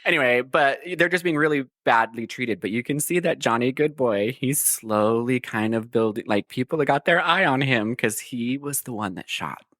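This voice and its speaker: A woman co-hosting a comedy podcast, retelling a movie's plot in an expressive, swear-heavy, storytelling way. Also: rumbling low, normal speed, hardly any pauses, dry recording, clean studio sound. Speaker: podcast co-host. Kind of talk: casual comedic movie recap.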